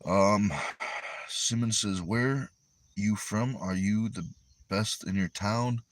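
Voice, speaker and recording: A man's voice: on the low side, takes it slowly, a little hiss or hum. A man from Connecticut with a New England accent, hosting a livestream and reading viewer comments aloud in an easygoing, rambling way. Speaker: arm wrestler and livestream host.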